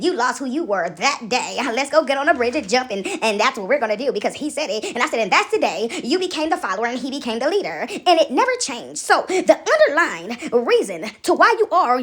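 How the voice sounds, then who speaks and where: A woman's voice: sits high, very animated, a little fast, hardly any pauses, breathy edge. A woman talking straight to her audience in a casual spiritual monologue, preachy and slangy, often breaking into laughter. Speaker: vlogger.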